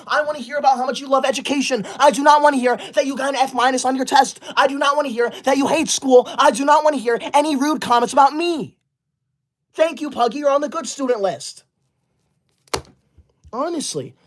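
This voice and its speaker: Male streamer, comedic skit, prim and indignant, quick to snap and ban. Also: extremely high pitch. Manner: indignant, bossy, snaps at viewers and bans them; prim praise for good students. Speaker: livestreamer reading super chats.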